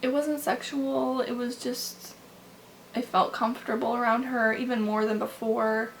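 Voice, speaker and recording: A young woman vlogger telling a personal story in a candid, halting way, full of likes and restarts, recorded on a camera mic in her room. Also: on the high side, level tone, creaky, a little hiss or hum, poor audio. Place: bedroom with window open.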